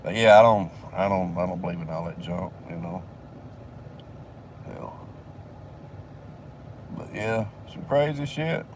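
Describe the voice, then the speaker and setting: A man's voice: sits low, measured pace, pauses often, darkish tone, distant mic, slight background noise. Profane older man telling stories. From southern United States. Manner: profane, rambling, drawling, laughs between lines. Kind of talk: casual storytelling.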